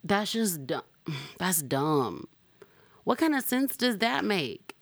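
Young woman podcasting, sassy and fired up, deep voice, dry close mic. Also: slow pace, dry recording. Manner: sassy, animated, jumps to high exclamations. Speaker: podcast host. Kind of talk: casual chat.

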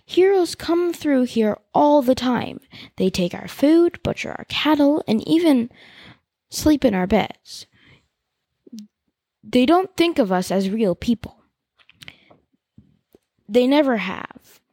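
A woman's voice: high voice, expressive, slow, pauses often, dark tone, slightly rough, dry recording, heavily acted. A woman voicing a defiant young woman villager, heated and pleading. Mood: bitter.

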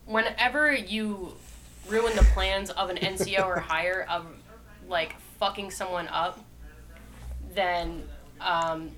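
A woman's voice: mid-range voice, steady tone, slow pace, fairly bright tone, rough recording. Blunt woman swearing in chat. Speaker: podcast co-host. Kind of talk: casual chat.

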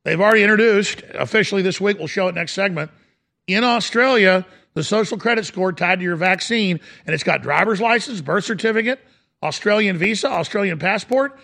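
A man's voice: sits high, brisk, gravelly, pushed and bright. A middle-aged man hosting a talk radio show, delivering an impassioned, ranting monologue.

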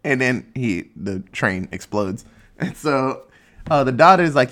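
A man's voice: medium pitch, lively intonation, measured pace, fairly bright tone. A man casually recapping a movie plot in a rambling, sarcastic way, swearing freely.

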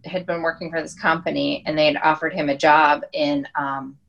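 A woman's voice: low-pitched, little pitch movement, normal speed, vocal fry, a bit bright, lo-fi sound. A woman in her thirties from Wyoming, telling stories in a casual podcast chat with lots of "like" and "um.". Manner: chatty storyteller, many "like" and "um" fillers. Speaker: podcast guest.

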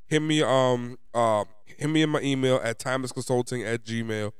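A man's voice: medium pitch, fairly even intonation, normal speed, clear, resonant tone, no room sound, clean studio sound. Ranting young man with a New York accent. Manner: frustrated, profane, emphatic ranting. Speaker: sports fan vlogger. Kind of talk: ranting fan commentary.

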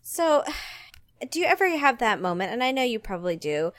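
A woman's voice: fairly high pitch, very animated, brisk, a bit bright, soft background music. A woman co-hosting a podcast, trading jokes and teasing banter in casual chat. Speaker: podcast co-host.

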